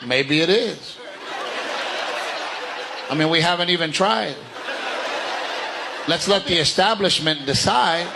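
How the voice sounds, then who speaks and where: A man's voice: fairly high pitch, slow, gravelly, long pauses. Male stand-up, conversational and incredulous, noisy club. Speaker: stand-up comedian. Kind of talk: stand-up comedy. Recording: stand-up stage with room noise.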